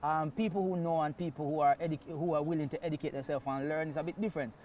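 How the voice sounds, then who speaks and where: A man's voice: fairly high pitch, fast, a little hiss or hum. A man from Jamaica with a Jamaican accent, a guest comedian telling stories in casual chat and slipping into patois phrasing. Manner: animated storyteller, slips into Jamaican patois phrasing.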